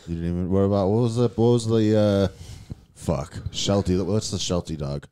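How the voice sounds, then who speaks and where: A man's voice: sits low, moderate pace, heavy background noise. A man in podcast banter, teasing and prodding the others with questions. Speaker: podcast host.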